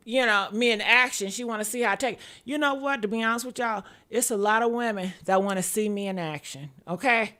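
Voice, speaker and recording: A young woman hosting a show, telling a story in casual chat, dramatic and laughing loudly as she goes. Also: high voice. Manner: loud, laughing, dramatic retelling. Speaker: show host.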